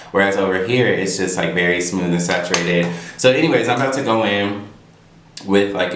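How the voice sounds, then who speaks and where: A young man talking frankly and conversationally while he does his makeup, giving his opinions in a relaxed, casual monologue. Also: lowish voice. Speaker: beauty vlogger. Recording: roomy echo.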